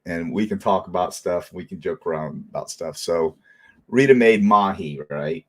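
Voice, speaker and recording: A middle-aged man hosting a casual livestream, telling animated stories and laughing often. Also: low-pitched, moderate pace. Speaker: livestream host.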